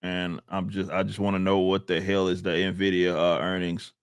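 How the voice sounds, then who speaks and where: A man's voice: low voice, flat delivery, normal speed, smooth, dry recording, studio quality. A man hosting a casual podcast, laid-back and chatty as he reads out and thanks supporters. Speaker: podcast host reading donations.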